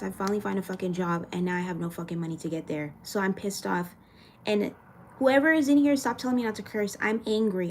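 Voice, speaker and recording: A woman's voice: mid-range voice, a little hiss or hum. A young woman from Florida chatting casually on a live stream, reading viewer comments aloud and venting frankly with plenty of swearing. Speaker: livestreamer answering chat.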